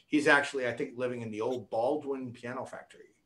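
A man's voice: mid-range voice, fairly even intonation, fast talker, pushed and bright. An older man from New England with a light accent, a guest pianist chatting casually on a video call, rambling and joking with many restarts. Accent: light Boston-area New England. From New England, USA. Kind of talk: casual chat.

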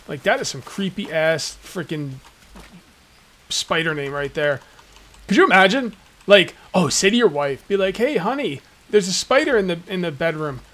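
A man's voice: on the high side, a bit bright. A man giving casual, jokey let's-play commentary as a gaming video host, ranting and chatting at the viewers. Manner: chatty, ranting, jokey, slips into mock voices. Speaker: gaming YouTuber.

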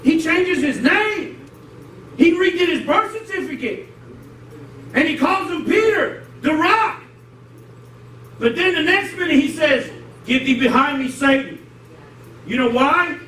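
A man's voice: extremely high pitch, animated, unhurried, long pauses, pushed and bright. A Puerto Rican-born male pastor with a New York accent, preaching a joking, slangy sermon. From Puerto Rico. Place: church sanctuary. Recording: roomy hall, distant mic, noisy.

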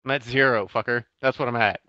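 A man's voice: medium pitch, steady tone, fast. A young man chatting casually while gaming, swearing and yelping often. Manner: loud, swearing, yelps. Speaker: gamer. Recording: dull lo-fi mic with faint noise.

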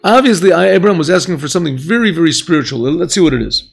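Rabbi teaching a yeshiva class, fairly high gravelly voice, questioning, clears throat. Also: male voice, lively intonation, very fast. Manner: questioning, mixes Hebrew phrases, clears throat often.

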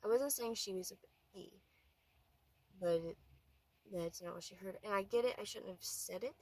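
A woman vlogger talking earnestly through a personal story, rambling and often dropping to a quiet voice. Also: medium pitch, normal speed, low-quality recording.

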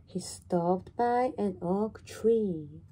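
A woman reading a children's story aloud in a slow, animated, sing-song way. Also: medium pitch, slight background noise.

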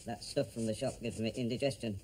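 A man's voice: on the low side, fairly even intonation, fast, darkish tone, slight background noise, natural voice. An actor playing a gossipy, grumbling older man in a television drama. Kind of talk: 1970s television drama acting.

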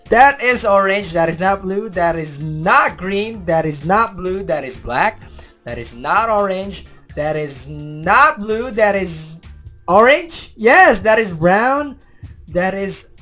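An excitable man from the Philippines gives gameplay commentary, his voice swooping up and down as he talks himself through each round. His tone is bright and forward, and he takes his time between phrases. Faint game music plays behind him. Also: high-pitched. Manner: excitable, talks to himself and the audience, counts answers aloud. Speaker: gaming YouTuber.

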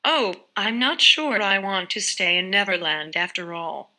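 A woman voicing the young girl Wendy, gentle and caring, in a soft, earnest storybook reading. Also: mid-range voice, expressive, measured pace, poor audio.

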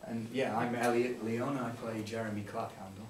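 A man's voice: mid-range voice, flat delivery, normal speed, crowd noise. A man, director and actor of the film, talking casually at a Q&A, rambling and restarting, laughing often. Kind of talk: casual Q&A talk. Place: theatre hall with audience. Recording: echoey room from far off with audience.

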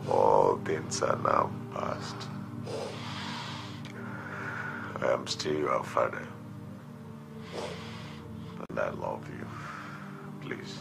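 An actor with a Nigerian accent playing a stern, suspicious father in a film, gravelly and slow. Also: very deep voice, animated, exaggerated voice. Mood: remorseful. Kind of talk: Nollywood film acting. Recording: film audio with music underneath.

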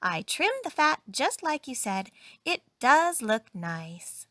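A woman's voice: high voice, very animated, slow pace, pushed and bright, dry recording, clean studio sound, pitched above the performer's own voice, heavily acted. A woman voicing a cheerful, literal-minded maid in a storybook reading, eager and innocent.

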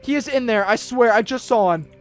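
An actor playing a panicky young man in pajamas who keeps repeating himself in a low-budget horror film. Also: brisk. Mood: urgent. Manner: frantic, breathless, repeats himself. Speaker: witness at a corn maze. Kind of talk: amateur horror film acting.

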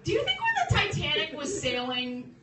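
A young woman doing a stand-up comedy set in a club, chatty and quick to laugh, often restarting her sentences. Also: sits high, wildly swooping pitch, sharp tone. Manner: chatty, self-interrupting, laughing between jokes. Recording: roomy, distant phone stream with background noise.

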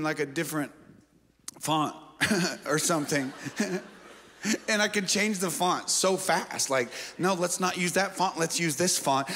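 In a large church auditorium, a male pastor preaches a sermon, playfully joking with his congregation and quizzing them. His voice sits high, bright and pushed, and the recording carries a long church-hall reverb.

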